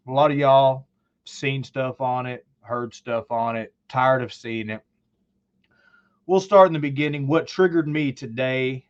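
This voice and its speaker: Fired-up man ranting, lo-fi. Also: medium pitch. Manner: fired-up, blunt, swearing, rambling. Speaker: channel host. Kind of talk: heated sports rant.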